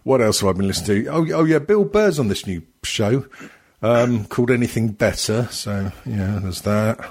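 A man's voice: fairly low pitch, animated, moderate pace, a little mellow. A man co-hosting a podcast, chatting casually, swearing often, rambling and laughing a lot. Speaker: podcast co-host. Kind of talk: casual banter.

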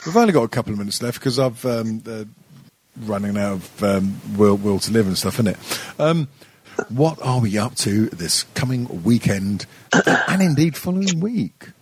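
A man's voice: lowish voice, expressive, moderate pace, a little hiss or hum. A tipsy man co-hosting a podcast in casual chat, sweary and rambling with many hesitations. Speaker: podcast co-host.

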